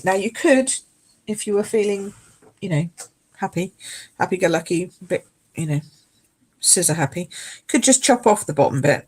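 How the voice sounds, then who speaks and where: A croaky woman with a gravelly edge talks viewers through a card-stamping technique. She is chatty and unhurried, explaining each step with easy fillers. A soft hiss sits faintly under her voice. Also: sits low, poor audio. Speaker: card-making host. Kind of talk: live craft demonstration.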